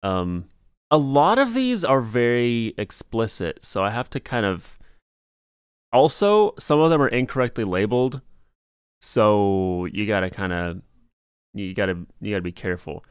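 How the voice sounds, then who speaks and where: A man's voice: on the low side, very animated, a little slow, smooth, no room sound, studio quality. A man hosting a casual streamed podcast, talking in a laid-back, rambling way and laughing often. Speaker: podcast host.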